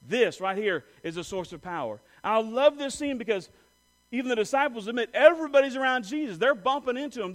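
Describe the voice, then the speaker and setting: Male preacher, high-pitched, dynamic sermon delivery with big loud-to-hushed swings. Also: rough recording. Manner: asks the listeners direct rhetorical questions.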